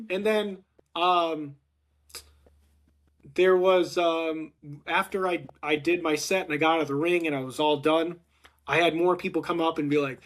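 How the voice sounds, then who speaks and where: High-voiced man telling a lively story. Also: normal speed. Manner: animated, acts out quotes with rising excitement. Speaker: podcast host. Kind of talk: casual storytelling chat.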